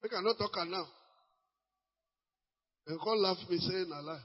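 A high-voiced Nigerian man preaching, his slightly husky tone ringing in a long church-hall reverb. The recording is muffled and dull. He drifts into Pidgin and breaks into sudden shouts to drive points home. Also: moderate pace. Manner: animated preaching mixing Pidgin, bursts of shouting. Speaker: pastor. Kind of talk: sermon.

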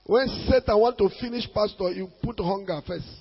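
A Nigerian man preaching a sermon as a pastor, emphatic, with sudden loud bursts. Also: high-pitched, a little fast, creaky, breathy edge, in a large hall, lo-fi sound.

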